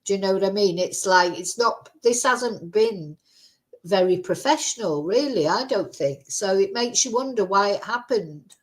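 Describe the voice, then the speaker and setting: A woman's voice: mid-range voice, animated, moderate pace. A woman hosting a true crime livestream, talking in a chatty, rambling way with lots of fillers. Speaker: true crime channel host. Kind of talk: casual livestream commentary.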